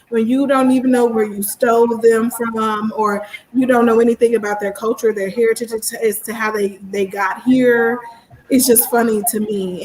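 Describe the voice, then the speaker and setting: A woman's voice: fairly high pitch, poor audio. A woman from Missouri with a Missouri accent, talking animatedly and emphatically in a casual book club discussion. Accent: Missouri American. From Missouri, USA. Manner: animated and emphatic, laughs at her own points.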